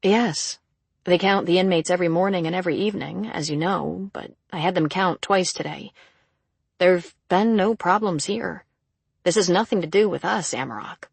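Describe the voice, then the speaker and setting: Reader doing earnest woman psychologist, husky voice, dry close sound, audiobook. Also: medium pitch, normal speed, dry recording. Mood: firm. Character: sharp-minded woman criminal psychologist, earnest. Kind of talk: audiobook character reading.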